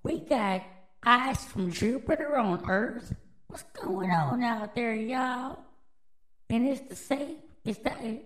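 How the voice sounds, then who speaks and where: A woman hosts her own podcast, reading news headlines and riffing on them. She talks slowly in a fairly high voice. Her delivery is brash, drawling and full of swearing. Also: low-quality recording. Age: adult, with children. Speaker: podcast host. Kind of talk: casual news commentary.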